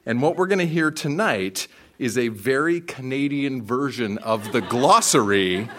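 A male host speaks to a live audience and asks them questions as he sets up the next reader. His pitch moves in a lively way. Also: measured pace. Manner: chatty, questioning the crowd. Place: live venue on stage.

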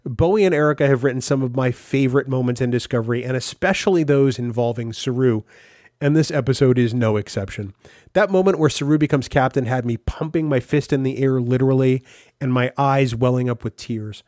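A man's voice: mid-range voice, brisk, a little mellow, no room sound. Podcast host guy, heartfelt, jokey, dead dry sound. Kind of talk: casual podcast chat.

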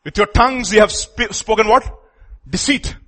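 A man's voice: high voice, moderate pace, pushed and bright. A man preaching a sermon to his congregation, with emphatic outbursts. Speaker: pastor.

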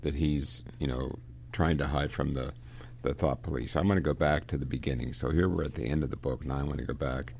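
A man leading a casual book discussion, talking in a halting way and often repeating words as he reads passages and explains them. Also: very deep voice, gravelly, a little mellow, slight background noise.

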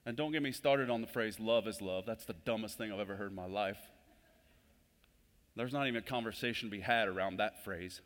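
A pastor giving a conversational sermon in a church. His delivery swells louder and higher whenever he stresses a point. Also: brisk. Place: church sanctuary. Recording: long hall reverb.

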